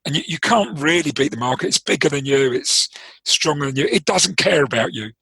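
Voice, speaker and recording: A man's voice: on the high side, animated, fairly quick, gravelly, pushed and bright, slightly rough, dry recording, low-quality recording. A man with a London accent, a trading coach explaining his ideas in an interview, thoughtful and prone to restarting his sentences. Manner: thoughtful, explanatory, with frequent restarts and repeated words. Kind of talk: interview conversation.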